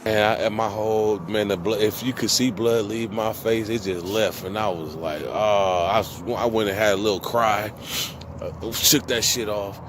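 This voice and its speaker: A man's voice: on the low side, normal speed. Man telling a story outdoors, noisy street. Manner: profane, slangy, animated retelling with quoted dialogue. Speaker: vlogger. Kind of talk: casual storytelling.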